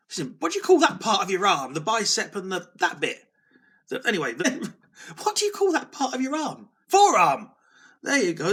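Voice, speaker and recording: A man's voice: fairly high pitch, pushed and bright. A man hosting a casual solo video, rambling and self-deprecating as he talks, often restarting his sentences. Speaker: video host.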